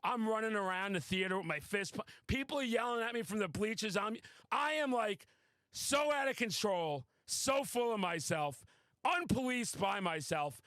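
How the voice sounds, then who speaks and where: A high-pitched man hosts a casual podcast chat, talking in an excitable, boastful rush and swearing freely. His voice is recorded dry and close, with no room sound around it. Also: normal speed, no room sound. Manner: excitable, boastful, profane storytelling. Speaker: podcast host.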